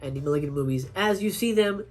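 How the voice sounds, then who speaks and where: A woman with a low voice and a quick pace reviews horror films in a casual, profane rant. She's animated, swears a lot, and acts out scenes in quoted voices.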